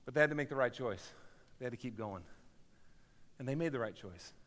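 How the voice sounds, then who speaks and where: A man preaching a sermon as pastor of his church, swinging from loud, driving appeals to quiet, hushed storytelling. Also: medium pitch, expressive, fairly quick. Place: church sanctuary. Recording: reverberant church hall.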